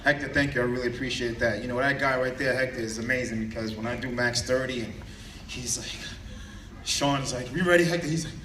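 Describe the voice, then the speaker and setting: A man's voice: medium pitch, fairly even intonation, fairly quick, background noise. A man in his thirties giving an emotional, chatty personal testimony to an audience. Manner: earnest, emotional, chatty storyteller. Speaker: guest speaker telling his story. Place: large event hall with an audience. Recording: echoey hall from a distant mic.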